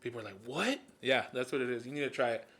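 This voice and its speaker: A man from California hosts a relaxed interview, joking around and swearing easily. He drops Spanish words into his English. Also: mid-range voice, rapid-fire. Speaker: podcast host. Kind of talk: casual interview chat.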